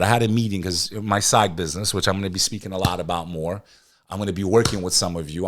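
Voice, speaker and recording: A man hosting a podcast, ranting in animated news commentary and talking straight to his live chat. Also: lowish voice. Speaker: podcast host.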